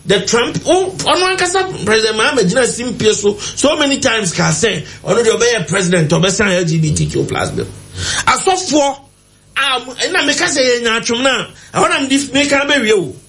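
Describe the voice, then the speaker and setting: A man with a Ghanaian accent holds forth in a heated talk-show debate, his voice sitting unusually high for a man. He argues emphatically and presses his points hard. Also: very animated, moderate pace, fairly bright tone. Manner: emphatic, argumentative, mixing languages. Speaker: political commentator.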